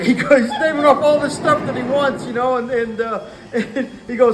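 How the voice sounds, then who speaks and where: A man's voice: very high-pitched, normal speed, background noise. A man hosting a show, telling rambling family stories and often laughing as he goes. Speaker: show host. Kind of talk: casual storytelling. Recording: roomy echo.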